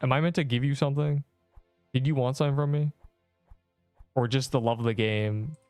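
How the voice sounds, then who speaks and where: A young male streamer chatting casually over gameplay, with a voice of ordinary middle pitch. He jokes, rambles and teases his viewers. Faint game music plays softly behind him. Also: fairly even intonation, a little fast, dry recording. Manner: joking, rambling, teasing viewers in chat. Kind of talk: casual gameplay livestream chat.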